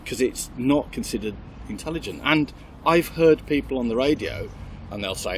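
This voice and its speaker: A chatty man with a Birmingham accent talks about improv in an animated, self-mocking way. His voice sits at an ordinary middle pitch. Faint street traffic hums behind him. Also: moderate pace. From south Birmingham. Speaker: improv guest. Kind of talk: casual chat.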